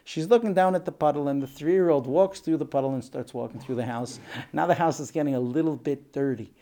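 A man giving a talk and telling a lively story, acting out voices along the way. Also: on the high side, fairly quick. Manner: animated storyteller, acts out voices. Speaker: speaker.

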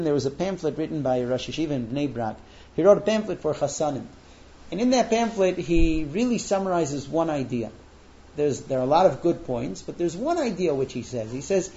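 High-voiced man teaching, lo-fi. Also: warm tone. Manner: anecdotal and humorous, with frequent restarts. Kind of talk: lesson to young men. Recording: dull lo-fi recording.

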